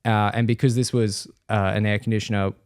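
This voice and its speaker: A man's voice: fairly low pitch, flat delivery, a little fast, darkish tone, clear, resonant tone, no room sound, clean studio sound. A young man hosting a podcast who tells a story in casual chat, swears freely and acts out the people in it. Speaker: podcast host.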